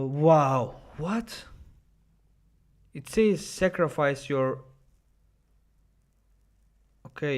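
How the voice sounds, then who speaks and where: A man's voice: medium pitch, a little mellow. Chatty male chess streamer. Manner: chatty, reads viewer messages aloud and answers them; halting, often restarts his sentences. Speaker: chess streamer commenting a game. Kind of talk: casual livestream chess commentary.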